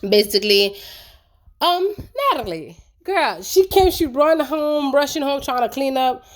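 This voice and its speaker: A woman's voice: sits high, animated, a little slow. A woman giving a casual, opinionated recap of a reality show, chatty and colloquial with lots of fillers.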